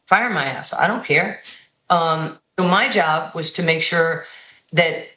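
Animated storytelling woman, bright and roomy. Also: low-pitched, slow pace. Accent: New York. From New York. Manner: animated storyteller who acts out quoted voices. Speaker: basketball head coach. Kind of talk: radio and TV interview guest, storytelling.

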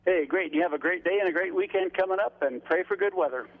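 A man calling in by phone to a radio show. He talks in a cheerful, folksy way with homey phrases. The line sounds tinny and narrow, and his pitch is a little high. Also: quick pace. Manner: folksy, cheerful, says "by gosh". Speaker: deli owner, phone guest. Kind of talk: casual phone chat.

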